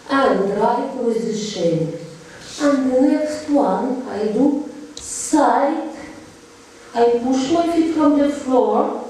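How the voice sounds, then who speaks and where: A woman's voice: on the high side, warm tone, slight background noise. A woman teaching belly dance steps, counting beats aloud and explaining the song's lyrics. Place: dance studio. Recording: echoey room, mic far off.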